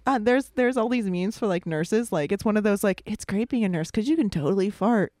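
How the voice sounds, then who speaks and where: Female co-host, forties, animated casual storyteller, laughs a lot, dry studio sound. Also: mid-range voice, brisk, no room sound. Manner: animated, profane, laughs often. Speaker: podcast co-host. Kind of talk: casual podcast chat.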